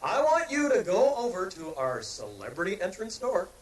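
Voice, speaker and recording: Max Headroom, stuttering computer host. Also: male voice, sits high, huge pitch swings, normal speed. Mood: teasing. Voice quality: stuttering, repeating words in glitchy bursts. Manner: cheeky, teasing, flirty banter. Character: wisecracking computer-generated male TV host, cheeky and flirtatious. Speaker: talk show host.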